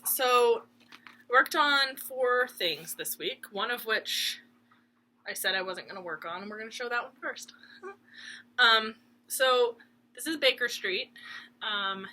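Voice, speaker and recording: A woman's voice: medium pitch, bright, forceful tone, slight background noise. A young woman hosting a cross stitch channel, chatting casually and rambling at home, laughing often and talking to her dog. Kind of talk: casual rambling chat to camera. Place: room at home.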